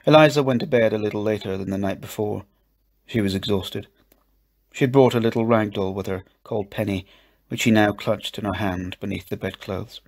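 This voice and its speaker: A man reading a children's story aloud, in a gentle, measured storybook narration. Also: lowish voice. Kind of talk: scripted narration.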